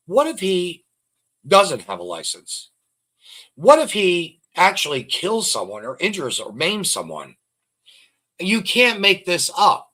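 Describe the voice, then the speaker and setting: A man's voice: sits high, sharp tone. A man hosting an online show, rambling through public records with scorn and repeating himself. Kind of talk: casual commentary reading out records.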